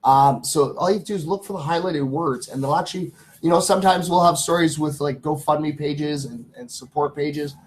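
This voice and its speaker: A man's voice: a little high, brisk, few pauses. A man hosting a live stream, casually reading good-news stories aloud and greeting viewers in the chat, with many ums and uhs.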